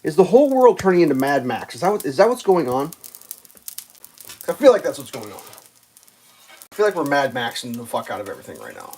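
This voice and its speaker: A husky, mid-range voice, a little fast and full of frequent pauses. A live streamer rambles through traffic stories in a profane rant packed with "like," acting out other drivers in loud, animated bursts.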